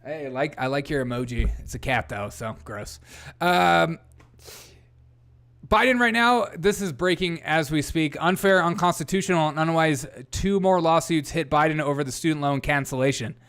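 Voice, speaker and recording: A man's voice: fairly high pitch, moderate pace, a bit bright. A young man hosting a casual political livestream, reading headlines aloud, greeting chat viewers and often laughing.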